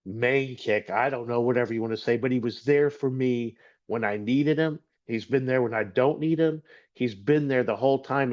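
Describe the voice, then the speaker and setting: A middle-aged man from Texas tells his personal testimony in an earnest, halting way, sometimes repeating a word while he finds the next thought. His voice sits at a mid-range pitch. The recording is dull and lo-fi. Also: darkish tone. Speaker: guest speaker.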